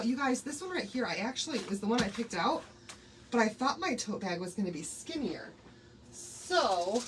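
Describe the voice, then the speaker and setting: A woman's voice: a little high, a bit bright, recorded from a distance, poor audio. A woman hosting a live craft tutorial, chatty and bubbly, greeting viewers by name and laughing often. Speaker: craft livestream host.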